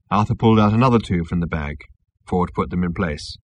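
A man narrating a comic novel as an audiobook, with a wry, expressive delivery. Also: deep voice, a little fast, no echo.

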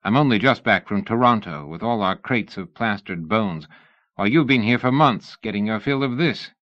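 A man reading an audiobook, voicing a wry, measured male scientist in a dull lo-fi recording. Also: on the low side, expressive, dry recording, lightly acted.

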